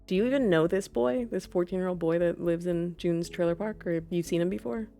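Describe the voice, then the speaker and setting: A woman's voice: on the low side, fairly quick, vocal fry, dark tone, faint music behind. A woman narrating a tabletop game as game master, describing scenes vividly in the second person.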